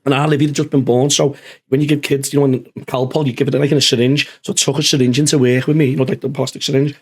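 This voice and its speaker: A man's voice: mid-range voice, level tone, fast talker, breathy edge. A man, hosting a podcast in casual chat and telling a rowdy workplace story full of swearing and acted-out quotes. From Liverpool, England. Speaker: podcast host.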